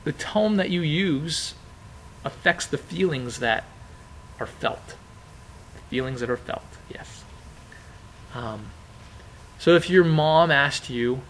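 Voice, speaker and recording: A man's voice: a little high, animated, normal speed, pushed and bright, a little hiss or hum, low-quality recording. A man teaching a lesson in an informal, conversational way, repeating key phrases with frequent fillers. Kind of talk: informal classroom explanation.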